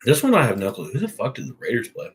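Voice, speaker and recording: A man's voice: mid-range voice, huge pitch swings, fast talker, slight background noise, poor audio. A young man hosting a casual sports talk show, rambling and swearing freely. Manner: profane, rambling. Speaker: host.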